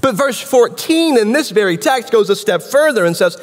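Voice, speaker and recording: A man's voice: extremely high pitch, expressive, normal speed. A man preaching a sermon in a conversational, wry, explanatory way. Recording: reverberant hall.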